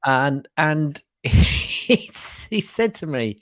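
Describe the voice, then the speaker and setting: A man's voice: on the high side, animated, extremely slow, hardly any pauses, fairly bright tone, dry recording, clean studio sound. A man co-hosting a podcast in casual chat, rambling, repeating words and laughing often. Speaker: podcast co-host.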